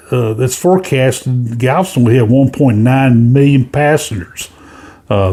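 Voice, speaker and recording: A man's voice: mid-range voice, darkish tone. A man hosting casual cruise news commentary, rambling with many fillers and restarts.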